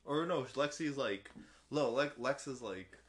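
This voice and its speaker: Brief: co-host, man, mid pitch, relaxed and helpful, fills in details. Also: a little slow, slightly rough. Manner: chimes in with corrections and plot details. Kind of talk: casual movie recap chat.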